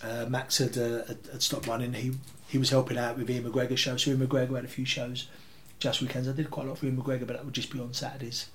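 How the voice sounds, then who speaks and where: A man, telling rambling, animated anecdotes as an interview guest. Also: medium pitch, fast talker, hardly any pauses, slight background noise. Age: 30s. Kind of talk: casual interview storytelling.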